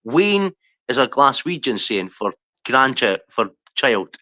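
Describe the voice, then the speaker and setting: A man's voice: medium pitch, very animated, slow, pushed and bright, no room sound. A Scottish man chatting casually on a stream, rambling and swearing as he goes off on tangents. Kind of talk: casual chat.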